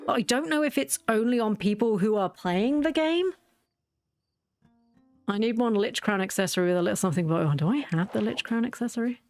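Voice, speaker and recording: A woman's voice: on the high side, animated, fairly quick, a little mellow, slight background noise. A woman streamer chatting casually during a livestream, rambling through anecdotes.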